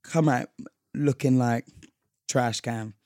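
A man's voice: medium pitch, fairly even intonation, takes it slowly, a little mellow, no room sound, studio quality. A young man, chatting casually on a podcast in a laid-back, joking way. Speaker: podcast co-host. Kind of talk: casual chat.

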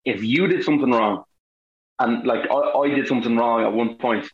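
The muffled, roomy recording captures a guest actor, an Irish man, in casual conversation. At a moderate pace and medium pitch, he spins animated anecdotes and acts out each quote.

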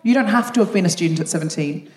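A woman hosting a live comedy show, bantering briskly and teasing an audience member. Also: fairly low pitch, darkish tone. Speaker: comedy podcast host. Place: large theatre stage. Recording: echoey theatre with a crowd.

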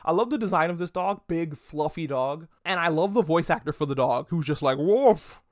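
A young man riffs through an anime review in a casual, animated way, swearing freely and acting out little quotes. His voice sits slightly high. The mic is close and dry, with no room sound. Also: a little fast, no room sound. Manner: animated, profane, jokey, acts out quotes. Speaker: podcast host reviewing anime. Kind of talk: casual solo review monologue.

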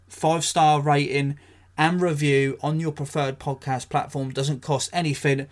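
A man's voice: a little high, little pitch movement, a little slow. An English man hosting a solo podcast, talking blunt and sweary, ranting with dry jokes. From England. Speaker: podcast host.

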